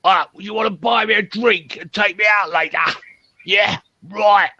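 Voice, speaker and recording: A man's voice: sits high, normal speed, pushed and bright, no room sound, dull audio, voice pushed up, full character voice. A man putting on the voice of a coarse, dismissive woman at a bar. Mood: mocking.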